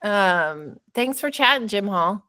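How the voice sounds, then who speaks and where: A woman's voice: medium pitch, slow. A woman hosting a podcast, chatting casually and animatedly about a movie, often laughing. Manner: animated, laughing, mocking voices. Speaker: podcast host. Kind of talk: casual chat.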